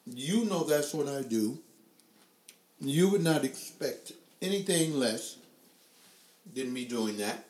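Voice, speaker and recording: Speaking slowly with long pauses, an older man on his own webcast voices his opinions through a chain of rhetorical questions, his mid-range voice animated and slightly mellow. It's recorded in an echoey room on a desk mic, which is eventually repositioned further back.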